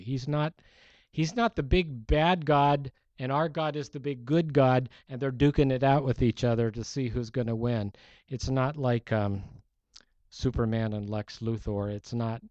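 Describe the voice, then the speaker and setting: A man's voice: mid-range voice, dark tone, no room sound. A man preaching a sermon in a conversational, storytelling way, walking through a Bible passage. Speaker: pastor. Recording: dull lo-fi sound.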